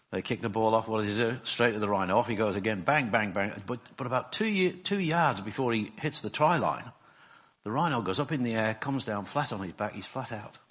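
A man preaching a sermon in a rambling, self-deprecating way, husky, with frequent restarts. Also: lowish voice, fairly bright tone.

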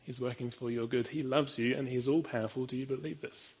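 Husky guy giving an earnest sermon, keeps asking the congregation questions, kinda dull lo-fi recording. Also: mid-range voice, fairly even intonation, fast talker, darkish tone. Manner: earnest, emphatic, rhetorical questions to listeners. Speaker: preacher.

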